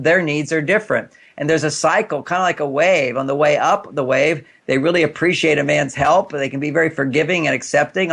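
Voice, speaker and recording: A man's voice: on the high side, gravelly, fairly bright tone. An older man, a guest on a talk show, explaining relationships in a chatty way with frequent restarts and fillers. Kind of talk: radio talk-show interview.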